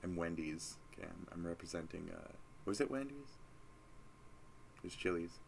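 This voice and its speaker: A drowsy young man with a lowish voice rambles loosely and swears freely, sleepy and yawning as he wraps up his stream. Faint noise sits underneath him. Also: animated, moderate pace, creaky. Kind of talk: casual rambling sign-off.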